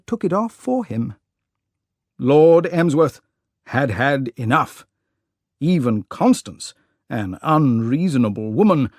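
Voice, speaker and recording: Slow, expressive audiobook narrator. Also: mid-range voice, no room sound, studio quality. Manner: slow, clear and expressive reading. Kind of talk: scripted narration for English learners.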